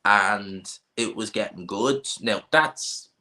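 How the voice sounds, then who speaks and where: Man, North Dublin accent, low voice, bright forceful tone, casual livestream chat, blunt offhand opinions. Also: slow. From Ireland. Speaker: livestream host. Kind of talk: casual livestream chat answering viewer questions.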